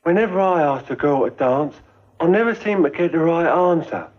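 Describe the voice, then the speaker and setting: A naive young army private. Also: male voice, fairly high pitch, animated, a little fast, dull audio. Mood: earnest. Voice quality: simple and earnest. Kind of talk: 1950s British film comedy acting.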